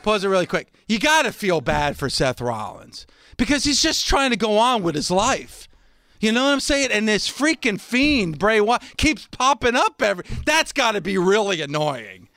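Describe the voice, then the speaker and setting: A man's voice: sits high, big pitch swings, moderate pace, bright, forceful tone, no echo, clean studio sound. Sarcastic man mocking a promo. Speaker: podcast host. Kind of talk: casual commentary.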